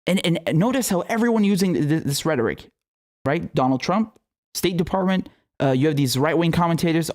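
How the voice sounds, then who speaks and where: A man's voice: on the high side, expressive, a little fast, darkish tone. A young man hosting a political commentary show, talking casually with heated, profane, sarcastic outbursts and laughing asides.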